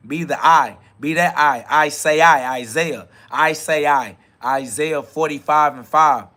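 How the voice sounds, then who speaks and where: A man hosting a podcast, delivering a freewheeling spiritual monologue in street slang, quoting scripture and swinging between loud hype and low murmurs. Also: a little slow. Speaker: podcast host.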